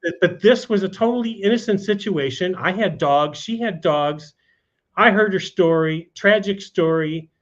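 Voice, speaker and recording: Higher-voiced man telling a story. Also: normal speed. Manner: conversational, many "you know" asides. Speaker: guest. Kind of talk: casual storytelling. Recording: dull lo-fi sound.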